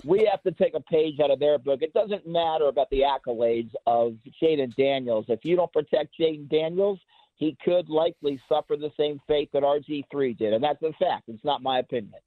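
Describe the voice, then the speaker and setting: A man with an American accent calling in to a sports radio show, rambling and halting with many restarts. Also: on the high side, no room sound. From England. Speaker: caller. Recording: tinny phone line.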